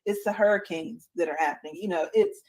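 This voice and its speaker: Woman host, low voice, faith-based encouragement, preachy, filler-heavy. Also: a little fast, a little mellow, rough recording. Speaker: podcast host.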